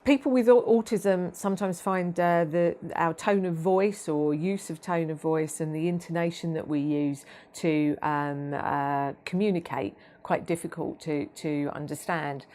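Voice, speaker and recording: Low-voiced woman explaining patiently. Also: a little mellow. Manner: measured, with frequent ums and restarts. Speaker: autism awareness trainer. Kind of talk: explanatory training talk.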